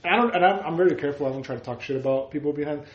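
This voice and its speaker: A man's voice: a little high, racing, roomy sound, dull audio. A man in his thirties co-hosting a podcast, chatting casually and telling a rambling story full of restarts and swearing. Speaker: podcast co-host. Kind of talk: casual chat.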